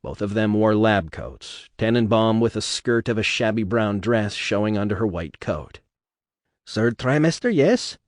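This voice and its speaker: A man with a fairly low voice reads a novel aloud in a steady storytelling manner. The recording is dry and close, with no room sound. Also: moderate pace, few pauses, dry recording. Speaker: narrator. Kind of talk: novel reading.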